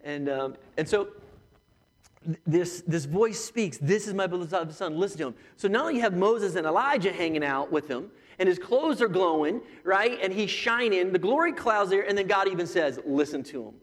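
Animated man preaching in a reverberant hall. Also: high voice, normal speed. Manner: animated, joking asides, acts out voices. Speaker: pastor. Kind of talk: sermon.

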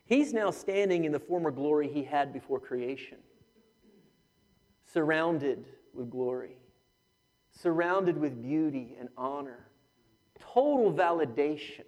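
A man delivers a sermon with an animated, joking manner and acts out voices as he tells the story. His voice sits a little high for a man. The sound carries the long reverb of a church hall. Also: unhurried, long pauses. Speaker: pastor.

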